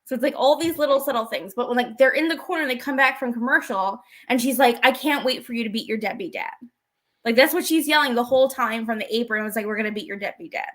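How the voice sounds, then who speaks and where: A fast-talking woman with a fairly high, slightly bright voice co-hosts a podcast. In this casual chat she recaps wrestling, dramatizing the lines she quotes.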